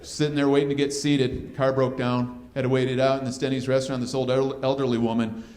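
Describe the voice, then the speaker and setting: A man's voice: mid-range voice, level tone, brisk, a little mellow. A man in his fifties doing a crude, self-deprecating stand-up comedy set on a club stage. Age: 50s. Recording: live club recording, roomy with crowd laughter.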